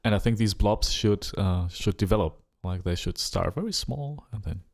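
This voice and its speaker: A man with a German accent chatting casually during a live music-production stream, musing and relaxed, humming rhythms and trailing off. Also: fairly low pitch, moderate pace, vocal fry. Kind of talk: casual live-stream chat while working.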